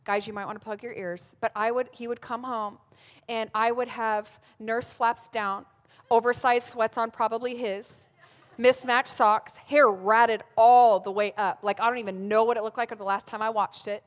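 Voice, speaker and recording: Woman pastor in her thirties, fairly high voice, wry self-mocking sermon, long hall reverb. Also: fairly even intonation, moderate pace. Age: 30s. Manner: humorous, self-mocking storytelling. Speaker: pastor speaking at a women's gathering.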